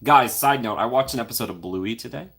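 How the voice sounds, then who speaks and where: A man's voice: mid-range voice, brisk, a bit bright. A young man hosting a casual livestream, playfully reading and answering viewer comments and laughing often. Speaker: livestream host.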